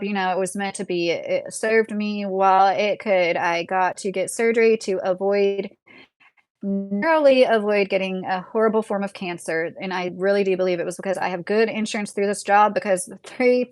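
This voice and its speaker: A woman's voice: medium pitch, no room sound. A woman hosting a podcast, chatting casually and rambling with lots of filler words. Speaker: podcast host. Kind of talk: casual personal chat.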